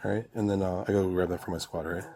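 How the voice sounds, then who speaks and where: A male police officer with a low, gravelly voice who talks very fast but keeps calm. He checks in again and again as he speaks. He is recorded on his own body camera. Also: a little hiss or hum. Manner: calm, repeats "okay?". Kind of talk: real bodycam exchange.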